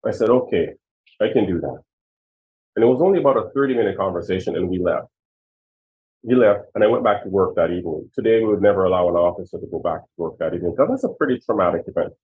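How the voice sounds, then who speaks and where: A man in his sixties speaks earnestly and with emphasis as he tells his own stories. His voice sits fairly low, and it comes through a thin, tinny line that sounds like a phone. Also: expressive, rapid-fire. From Jamaica. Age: 60s. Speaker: retired police chief. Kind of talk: personal storytelling in an interview.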